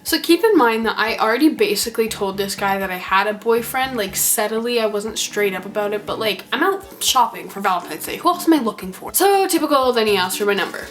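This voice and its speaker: A woman's voice: mid-range voice, brisk, few pauses, fairly bright tone. A young woman in her late teens telling a story in casual vlog chat, peppering her talk with "like" and the odd swear word. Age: young adult. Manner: chatty, heavy use of "like", swears. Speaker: vlogger.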